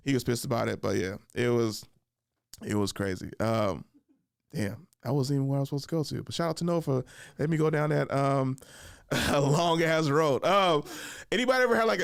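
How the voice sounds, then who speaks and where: A young man hosting a podcast, telling funny stories in a casual chat, jumping into high voices to act out other people and laughing along. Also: vocal fry, no echo, studio quality. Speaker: podcast host. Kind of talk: casual storytelling monologue.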